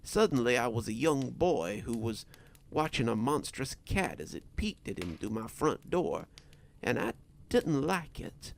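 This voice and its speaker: A man narrating a scripted horror story in a slow, deliberate storytelling manner. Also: mid-range voice, big pitch swings, creaky, a little hiss or hum.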